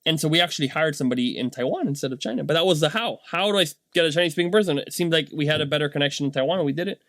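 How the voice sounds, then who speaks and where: A man, a dad, telling a casual motivational story in a rambling, animated way, tagging his points with "right?". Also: on the high side, racing, dry recording. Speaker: vlogger and dad.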